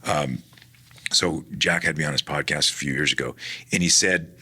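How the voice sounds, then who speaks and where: A man talking casually in an interview about his work teaching personal defense, animated, acting out the people in his stories with many restarts. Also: extremely low pitch, normal speed, breathy edge. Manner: animated, acts out quoted dialogue, frequent restarts. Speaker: guest, personal defense instructor.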